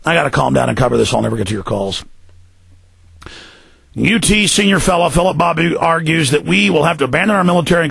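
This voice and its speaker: A man's voice: fairly high pitch, gravelly, fairly bright tone, breathy edge, dry recording. A man hosting a talk radio show, ranting in fury, often mocking the people he attacks in put-on voices. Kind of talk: angry political radio rant.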